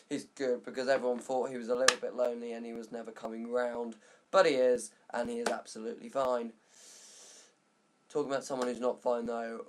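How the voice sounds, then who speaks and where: Rambling young man recapping football news. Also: mid-range voice. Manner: rambling, jokey, self-correcting.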